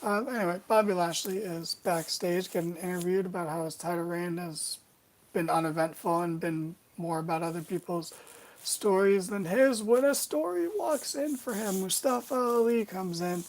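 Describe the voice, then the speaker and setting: A woman with a fairly low voice talks through a wrestling recap in a loose, casual way. She wanders between points and keeps dropping in wry, sarcastic little asides. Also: moderate pace, a little mellow, low-quality recording.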